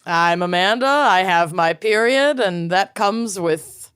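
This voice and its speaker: A woman's voice: medium pitch, animated, slow, a bit bright, clear, resonant tone, no echo, clean studio sound. A woman co-hosting a podcast in casual chat, playful and jokey. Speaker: podcast co-host.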